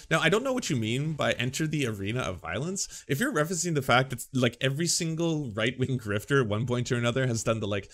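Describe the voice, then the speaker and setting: A man's voice: mid-range voice, animated, fast, few pauses, fairly bright tone. A man hosting casual political commentary in a sarcastic, mocking way. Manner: sarcastic, mocking impressions of others.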